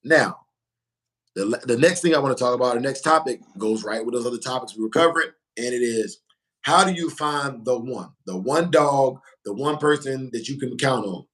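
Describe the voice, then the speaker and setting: A man's voice: medium pitch, moderate pace, fairly bright tone, rough recording. A man hosting a casual livestream, talking in an emphatic, informal way and repeating phrases for emphasis. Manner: informal slangy speech. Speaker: livestream host.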